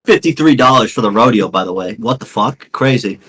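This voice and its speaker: Young guy from new england rambling on a podcast, swears a lot, says dude and like constantly, mid-pitched voice. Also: expressive, a little fast, fairly bright tone, breathy edge. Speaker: podcast co-host. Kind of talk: casual chat.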